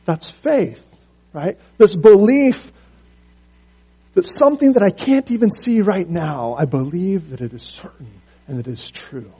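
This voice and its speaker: A man's voice: high voice, expressive, a little slow, mellow, slightly rough. A man preaching a sermon, earnest and story-driven, often repeating words as he restarts.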